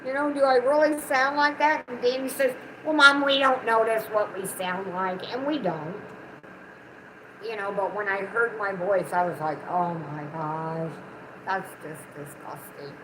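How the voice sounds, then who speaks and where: A woman's voice: fairly high pitch, moderate pace, noisy background. Chatty Southern woman with a twang. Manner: chatty, affectionate, folksy. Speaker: co-host of a livestream, the channel owner's mother. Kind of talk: casual livestream chat.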